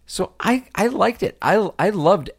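A man's voice: high voice, animated, a little slow, vocal fry, slightly rough, no room sound, clean studio sound. A man co-hosting a podcast, chatting casually and enthusiastically about a movie, laughing often and swearing now and then. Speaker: podcast co-host. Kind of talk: casual movie review chat.

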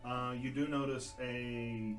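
Man, game master, rambling scene narration, middle pitch, roomy sound. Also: slow, faint music behind. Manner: relaxed, rambling, many fillers and hedges. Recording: echoey room.

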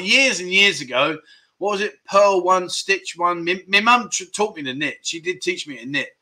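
A man's voice: sits high, lively intonation, normal speed, bright, forceful tone. A man, hosting a casual livestream chat show and rambling as he reads out viewer comments. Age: 50s. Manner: chatty and rambling, with lots of fillers and self-corrections. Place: livestream set in Pattaya.

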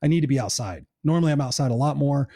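Hosting a live show, a middle-aged man chats fast in an earnest, encouraging way, swearing casually. His voice is a bit high yet dark, mellow, and slightly rough, with lively intonation. It's recorded dry and close, with no room sound at all.

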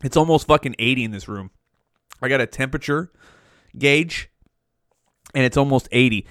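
A man's voice: mid-range voice, moderate pace, a bit bright, no echo, clean studio sound. Forty-something guy cussing up a storm on his home podcast, mouth on the mic, no room sound at all. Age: 40s. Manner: profane, heated ranting. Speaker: podcast host. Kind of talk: solo podcast rant. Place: small hot home room. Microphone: mouth right up against the mic.

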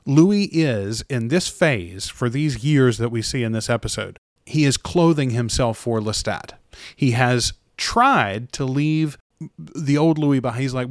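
A man's voice: medium pitch, measured pace, no room sound. A man co-hosting a casual podcast, breaking down scenes in a loose, analytical way and dropping the odd curse. His voice sits in a middle register. The sound is dry and close, with no room around it. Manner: chatty, analytical, swears casually. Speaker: podcast co-host.

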